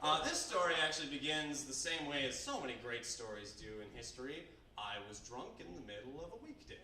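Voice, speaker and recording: A man's voice: a little high, sing-song, a little fast. A young man performing a self-deprecating stand-up comedy set on a small bar stage, often laughing at his own jokes. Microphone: handheld camera recorder in the audience. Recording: roomy bar recording from a distance, crowd noise. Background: audience laughter.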